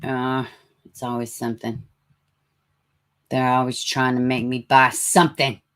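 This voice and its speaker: A woman hosting a live stream with a raspy voice, chatting casually, greeting viewers by name and reading out news. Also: a bass voice, level tone, measured pace, a bit bright. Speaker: livestream host.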